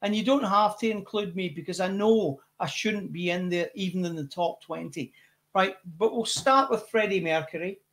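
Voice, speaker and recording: A man with a Scottish accent, a rock singer chatting as a guest, telling lively stories with many restarts and repeated words. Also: sits high, moderate pace. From Scotland. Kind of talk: casual interview chat.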